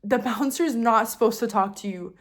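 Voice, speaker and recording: A young adult woman telling a casual storytime, talking fast with lots of fillers and getting heated as she vents. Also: a little high. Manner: fast chatty delivery with constant fillers; heated and animated when venting. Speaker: vlogger.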